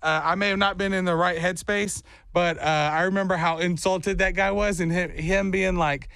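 A man hosting a morning radio show, chatting casually and telling stories with quick laughs. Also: high voice, steady tone, vocal fry, a bit bright, smooth, no echo, studio quality. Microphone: studio microphone.

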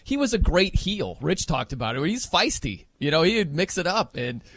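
A man with a slightly raised voice hosts a sports talk show, talking casually and getting animated as he goes. The sound is dry and close, with no room around it. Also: fairly high pitch, moderate pace, no room sound. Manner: animated, mimics wrestling announcers for laughs.

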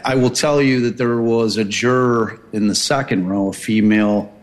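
A man recounting courtroom events in a halting way, with many restarts and fillers. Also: mid-range voice, fairly even intonation. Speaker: courtroom observer and commentator.

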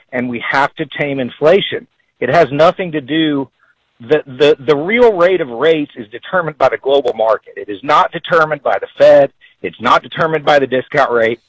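A man from Texas calling into a radio talk show, speaking in a measured, formal and firm way. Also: on the high side, fairly bright tone, dry recording, rough recording. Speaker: caller.

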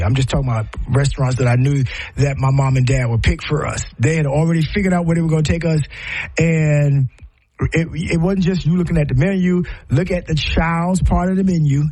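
Middle-aged guy, kinda husky and a bit high, rambles and restarts a lot. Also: normal speed, warm tone, low-quality recording. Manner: rambling, many restarts and repeated words. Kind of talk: casual reflective monologue.

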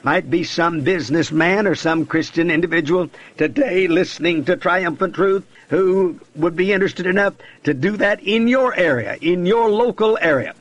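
A man's voice: high voice, moderate pace, few pauses, fairly bright tone. Oratorical male radio preacher, lo-fi. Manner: oratorical, emphatic lists. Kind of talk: radio sermon. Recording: dull lo-fi radio broadcast.

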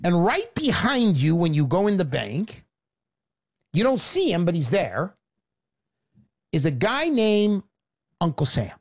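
A woman hosting a sarcastic, animated sales pitch monologue. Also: slow pace, pauses often.

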